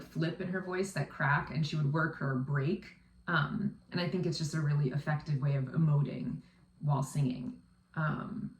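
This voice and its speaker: Her voice sits low, with a little background noise, as this thirties-aged vocal coach chats about a music video she is reacting to. She talks freely, sprinkling in plenty of "um" and "like," and the audio has a roomy echo from being off-mic.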